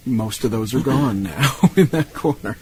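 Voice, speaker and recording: A man co-hosts a casual film podcast, chiming in with relaxed, detail-filled remarks. His voice sits at an ordinary male pitch, with a faint hiss in the background. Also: moderate pace. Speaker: podcast co-host. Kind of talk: casual film-review chat.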